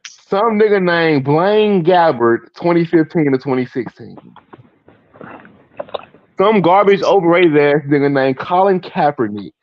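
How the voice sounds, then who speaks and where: A man's voice: a little high, lively intonation, measured pace, highs cut off. A man panelist in a heated sports debate, trash-talking and repeating himself to press his point.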